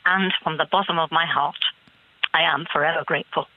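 A woman's voice: low voice, steady tone, a little fast, noisy background. A woman in her seventies calling into a radio phone-in. She talks hesitantly, searches for words and laughs often. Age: 70s. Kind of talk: phone-in conversation. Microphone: telephone. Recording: muffled phone line.

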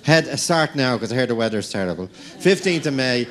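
A man's voice: mid-range voice, animated, fairly quick, fairly bright tone. Chatty Irish male show host. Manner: chatty, laughing, talks to the crowd.

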